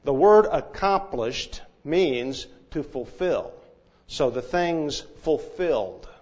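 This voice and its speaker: A male preacher with a somewhat high voice who speaks very slowly and deliberately. He lays out his points with firm, measured emphasis. The sound is a bit dull and lo-fi. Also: animated, darkish tone. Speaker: pastor. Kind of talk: expository sermon.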